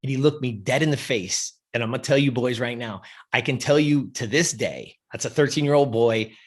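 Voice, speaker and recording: A man in his fifties telling a personal story in an interview, animated and profane, often checking in with "you know" and "right". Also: medium pitch, fairly quick. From US West Coast. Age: 50s. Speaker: interview guest.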